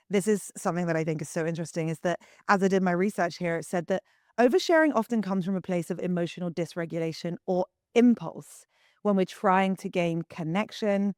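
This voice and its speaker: A young woman hosting a solo podcast, husky from the early morning, talking frankly to listeners as if to close friends. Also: lowish voice, no room sound. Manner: candid, confiding, talks to listeners like friends. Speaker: podcast host and wellness coach. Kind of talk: chatty solo podcast monologue.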